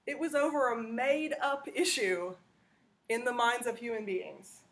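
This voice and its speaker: A woman's voice: a little high, lively intonation, unhurried, a bit bright. A woman lecturing a classroom, talking conversationally and checking in with "okay?". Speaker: teacher.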